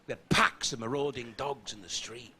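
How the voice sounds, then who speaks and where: On a theatre stage, a Liverpool man with a Scouse accent performs crude, brash stand-up, landing his punchlines with swearing. His mid-range voice is pushed and bright, at a moderate pace.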